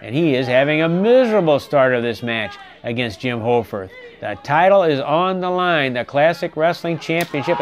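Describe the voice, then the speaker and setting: A man calling a wrestling match play by play, getting excited and shouting on the big moves. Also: mid-range voice. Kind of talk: play-by-play commentary. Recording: live arena crowd and noise behind. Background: cheering wrestling crowd.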